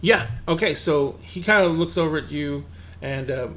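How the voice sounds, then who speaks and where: A man's voice: a little high, normal speed, fairly bright tone, slight background noise. A man narrating a tabletop game as game master, rambling with fillers and restarts.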